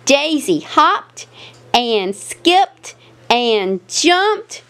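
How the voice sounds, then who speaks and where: A woman's voice: high voice, very animated, drawn-out words, fairly bright tone. A woman reading a children's picture book aloud with a playful, sing-song delivery. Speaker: storyteller.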